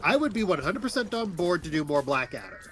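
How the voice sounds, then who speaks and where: Male streamer, casual banter, slightly higher voice, animated retelling, faint background music. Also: fast talker. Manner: animated storyteller, quotes lines. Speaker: streamer co-host. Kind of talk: casual chat while gaming.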